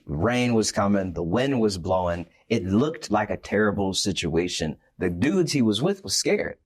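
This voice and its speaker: A man retelling a Bible story in a casual faith discussion, animated and acting out the scenes. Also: on the low side, unhurried, slightly rough.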